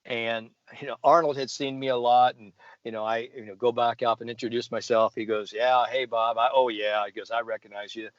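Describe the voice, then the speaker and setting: A middle-aged American man, a sports psychologist, telling a folksy story with animated asides and laughs. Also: mid-range voice, a little fast, no echo, muffled recording. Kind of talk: casual storytelling.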